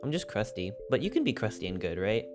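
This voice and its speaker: Sleepy, rambling man over loud music. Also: fairly low pitch, wildly swooping pitch, quick pace. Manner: rambling, goofy, chats with viewers. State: sleepy and a little sniffly. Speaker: game streamer. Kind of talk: casual live-stream chat. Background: background music.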